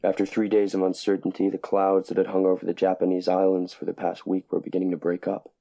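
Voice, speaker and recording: A grave male documentary narrator, as a man performs him in a reel clip, with a low, gravelly voice and a dark, mellow tone. He reads in a slow, measured, solemn way. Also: monotone. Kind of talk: scripted narration.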